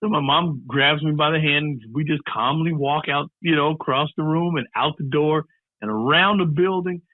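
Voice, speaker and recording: A man's voice: a little high, normal speed, no echo. A man telling a story as an interview guest, playfully acting out the voices of the people in it. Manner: lively, acts out every voice in his stories. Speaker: entertainer and guest. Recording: tinny phone-like, dry line.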